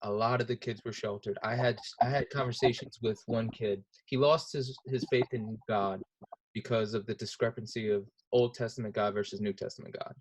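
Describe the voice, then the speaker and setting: A man's voice: fairly low pitch, normal speed, dry recording. A man hosting an interview, chatting conversationally and telling stories with quoted asides. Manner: animated storytelling with quoted asides. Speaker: interview host.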